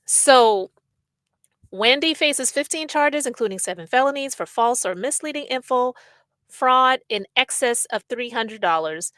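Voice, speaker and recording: A woman hosts a casual podcast, reading headlines and riffing with blunt opinions. Her voice is bright and forceful, sitting a bit high, recorded dry and close with no room sound. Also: lively intonation, measured pace, dry recording. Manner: chatty, opinionated, reads news aloud and riffs. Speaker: podcast host.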